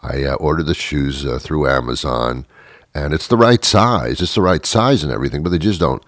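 Very deep-voiced deadpan man. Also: moderate pace, no room sound. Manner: rambling, self-interrupting, dry. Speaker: comedy show host. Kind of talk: deadpan comic monologue.

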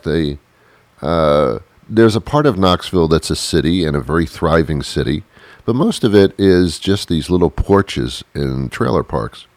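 Sitting on a porch outdoors, a comedian with a very low, deep voice rambles through a deadpan monologue full of mock-confused asides. The recording is dry and close, with no room sound or echo.

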